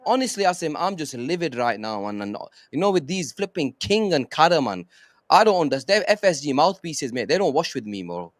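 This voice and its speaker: Fired-up fan panelist, high voice, dry close sound, emphatic and swearing. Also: male voice, sing-song, brisk, dry recording. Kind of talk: heated podcast rant.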